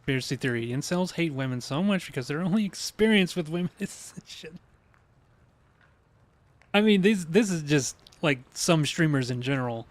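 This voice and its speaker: A man's voice: a little high, animated, normal speed, dry recording. Chatty male game streamer. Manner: chatty, laughing, talks to chat. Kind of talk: casual live-stream commentary.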